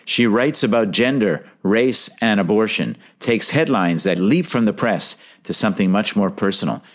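A man's voice: on the low side, expressive, normal speed. A man hosting a podcast, reading an earnest, enthusiastic scripted introduction. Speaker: podcast host.

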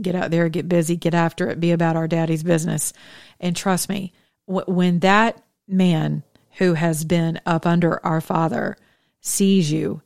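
A widowed woman who hosts a faith talk show speaks as a single woman directly to her female listeners, in a monologue that is part sermon and part frank conversation. Her fairly low, slightly mellow voice carries vocal fry as she exhorts, jokes, and drops candid asides in plain, chatty language. The recording is dry and close-miked, with no echo or room sound.

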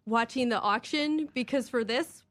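High-voiced, chatty woman. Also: moderate pace, a bit bright. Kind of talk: casual chat.

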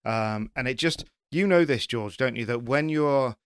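A man's voice: mid-range voice, unhurried, smooth, no echo. Firm, storytelling man with dry sound. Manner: animated storyteller, argues back firmly. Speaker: rally journalist. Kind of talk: casual chat.

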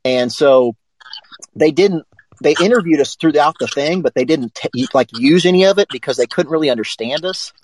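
A man co-hosting a live sports talk show, telling a rambling, profane story in a casual, animated way. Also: fairly high pitch, normal speed, no room sound, low-quality recording.

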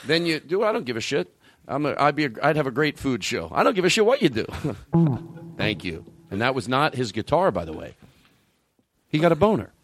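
A man hosting a comedy show, talking in a hyper, scattered ramble with plenty of swearing. His pitch swings widely from line to line. A faint noise sits under the voice. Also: sing-song, fairly quick, a bit bright. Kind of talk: rambling comic banter.

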